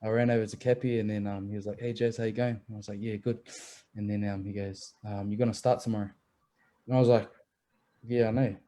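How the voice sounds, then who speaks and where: A man's voice: fairly low pitch, level tone, quick pace, mellow. A young man, a rugby league player telling stories in a casual chat, laid-back and swearing freely.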